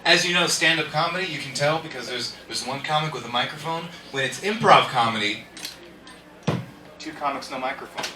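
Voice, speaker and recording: A man hosting and performing live improv comedy, ranting with big shouted punchlines. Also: on the high side, a little fast, soft background music. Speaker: improv host. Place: comedy venue with audience. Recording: echoey room from far off, faint noise.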